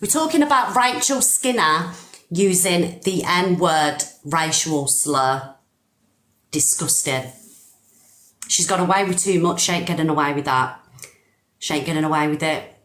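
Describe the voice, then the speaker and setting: A woman's voice: sits low, a little slow, long pauses, fairly bright tone, echoey room. A middle-aged British woman hosting a live stream, ranting angrily and emphatically with plenty of swearing. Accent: British English. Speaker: TikTok live host.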